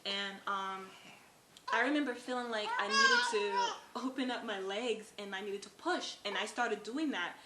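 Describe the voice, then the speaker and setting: A young woman, a new mother, earnestly recounting her story in halting casual speech with many fillers. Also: fairly high pitch, sing-song. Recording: echoey room with faint noise.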